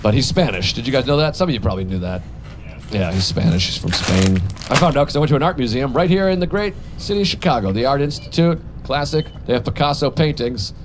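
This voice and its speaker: A man doing a stand-up comedy routine, rambling and self-mocking, with crude jokes and quick voiced asides. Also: medium pitch, lively intonation, background noise.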